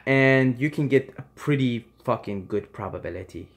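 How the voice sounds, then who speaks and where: A man's voice: mid-range voice, normal speed, vocal fry. Emphatic swearing man urging listeners. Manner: emphatic, swings from loud urging to quiet reassurance, swears freely. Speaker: vlogger. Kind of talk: impassioned advice monologue.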